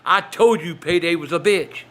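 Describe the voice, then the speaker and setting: A man's voice: fairly high pitch, normal speed, noisy background, pitched below the performer's own voice, natural voice. An older man putting on the voice of a mocking fifty-year-old man who gloats over a prank. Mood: gloating.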